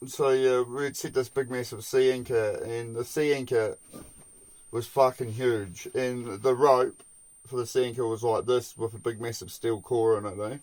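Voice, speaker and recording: A man casually telling a long work story as a podcast host, swearing constantly, laughing often and acting out the shouting of people he worked with. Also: mid-range voice, dry recording.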